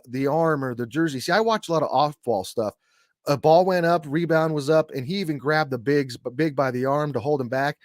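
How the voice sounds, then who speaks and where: A man's voice: a little high, dry recording, clean studio sound. A man co-hosting a casual sports podcast, who rambles with many restarts and repeats himself. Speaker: podcast co-host, middle school coach.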